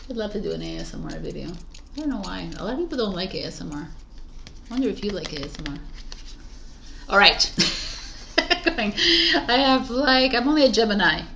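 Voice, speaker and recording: A woman's voice: mid-range voice, big pitch swings, normal speed, creaky, pauses often, fairly bright tone, a little hiss or hum. A woman doing tarot intros who keeps laughing, stumbling over her words and swearing casually. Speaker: tarot reader. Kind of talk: casual blooper chat.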